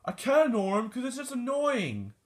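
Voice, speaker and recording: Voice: medium pitch, huge pitch swings. A performer voicing a grumpy, fed-up plush shark that sighs and grumbles in a homemade plush video. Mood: grumbling. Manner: sighing, grumbling, slow. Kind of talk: plush toy puppet video.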